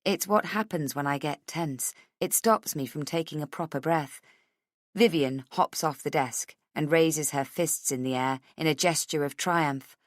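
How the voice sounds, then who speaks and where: A woman's voice: deep voice, measured pace, no room sound, studio quality. A woman reading a thriller audiobook in first person, with a tense, anxious inner voice. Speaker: audiobook narrator. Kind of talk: scripted first-person narration.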